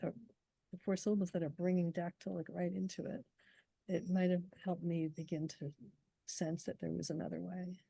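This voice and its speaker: A middle-aged woman poet talks through ideas in a casual interview. Her voice sits a little low and sounds mellow, and she gets animated, sometimes speeding up and laughing as she explains. The recording is dry and close. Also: gravelly, slightly rough, no room sound. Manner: animated, fast when excited, laughs while explaining.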